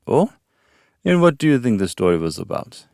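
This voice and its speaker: A man's voice: mid-range voice, very animated, normal speed, creaky, a little mellow, no echo, clean studio sound. Man voicing a lonely guarded vampire. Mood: musing. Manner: defensive, wary. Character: lonely guarded male vampire alone in castle.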